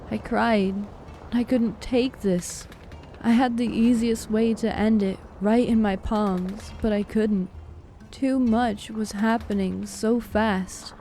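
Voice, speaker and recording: Slow, even-toned woman narrating horror. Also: a little high. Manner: measured, steady reading. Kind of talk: scripted narration. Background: faint background music.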